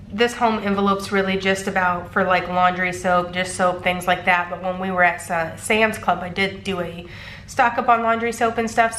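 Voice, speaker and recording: Congested woman, thirties, casual budgeting vlogger counting bills, chatty with ums, middle pitch, echoey room. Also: a bit bright, a little hiss or hum. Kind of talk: casual chat.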